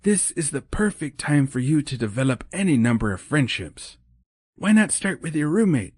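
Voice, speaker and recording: A man voicing Mrs. Claus in an audiobook, a cheerful, encouraging older woman with a brisk manner. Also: a little high, sing-song, darkish tone, husky, no room sound, pitched above the performer's own voice. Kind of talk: audiobook character voice.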